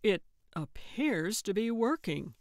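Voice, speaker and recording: A woman's voice: medium pitch, very animated, slow pace, a little mellow, no echo. A woman voicing an exasperated, dry-witted male sidekick in an audiobook, speaking with weary sarcasm. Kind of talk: audiobook character voice.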